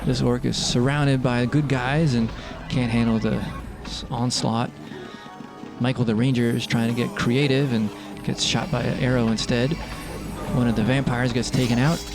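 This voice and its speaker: A man narrating a roleplay game session in a casual, wry, deadpan way. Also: medium pitch, moderate pace, over music.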